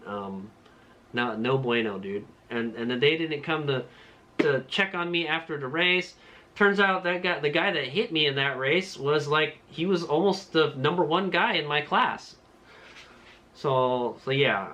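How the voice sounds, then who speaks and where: Rambling man with a bright voice. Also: on the high side. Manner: rambling, many fillers and tag questions. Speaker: motorcycle racer vlogger. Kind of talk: casual after-race recap to camera.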